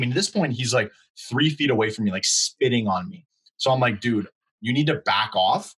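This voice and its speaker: Animated, husky man. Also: medium pitch, fairly quick, poor audio. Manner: animated, acts out quotes. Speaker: podcast co-host. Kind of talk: casual storytelling chat.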